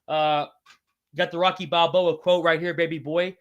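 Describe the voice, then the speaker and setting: A man's voice: a little high, little pitch movement, moderate pace, dry recording, dull audio. A man hosting a casual livestream podcast, reading chat aloud in a loose, slangy, profane way. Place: home room with wall signs.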